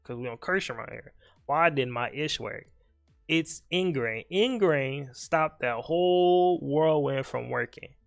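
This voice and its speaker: A man's voice: fairly high pitch, animated, gravelly, soft background music. A young man casually commenting on his own live game, joking and talking to his opponent. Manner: joking, talks to the opponent, quick mutters. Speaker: streamer.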